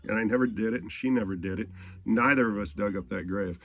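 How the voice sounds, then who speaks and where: Gravelly, husky man telling a rambling story. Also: on the low side, brisk, fairly bright tone, highs cut off. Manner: rambling, profane, laid-back. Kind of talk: casual spoken anecdote.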